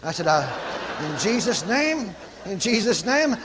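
A man preaching a sermon, telling a story and rising from quiet telling to loud commanding cries. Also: sits high, big pitch swings, a little slow, slightly rough.

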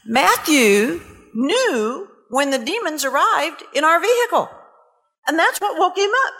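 High, bright-voiced woman preacher. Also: measured pace, in a large hall. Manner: animated, dramatic storyteller. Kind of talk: sermon storytelling.

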